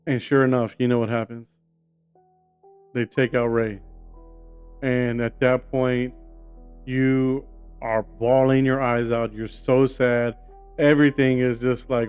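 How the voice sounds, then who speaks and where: A man's voice: medium pitch, fairly even intonation, a little slow, darkish tone, muffled recording, soft background music. A man giving a casual, enthusiastic movie review, rambling with lots of "you know" and "like".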